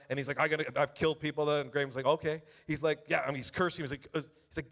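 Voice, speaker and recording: A man preaching a sermon, reading scripture aloud and talking to the congregation in a casual, animated way. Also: a little high, racing, hardly any pauses. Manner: animated, conversational, addresses congregation directly; reads scripture aloud with rising emphasis.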